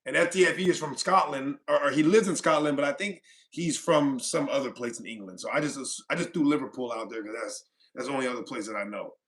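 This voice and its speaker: A man hosting a live stream, teasing and arguing with a caller in rapid questions. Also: mid-range voice, fairly bright tone. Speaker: stream host. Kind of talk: casual live-stream debate.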